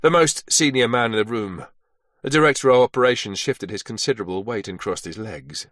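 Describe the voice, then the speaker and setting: A man giving scripted audiobook narration in a steady, even manner. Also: medium pitch, brisk, no echo, studio quality.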